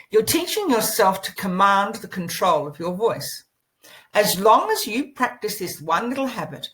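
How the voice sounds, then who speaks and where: Picture a woman coaching listeners through voice habits, her pitch rising and falling freely as she talks. She demonstrates phrases with varied emphasis and sings short practice scales. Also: fairly bright tone, low-quality recording. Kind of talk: instructional lesson.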